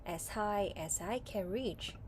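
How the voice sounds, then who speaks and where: A woman's voice: medium pitch, slight background noise, close to an everyday voice. A woman reading as a little eager hare. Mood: fond. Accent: Hong Kong English. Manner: slow, soft storybook reading. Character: small young male hare, eager and loving.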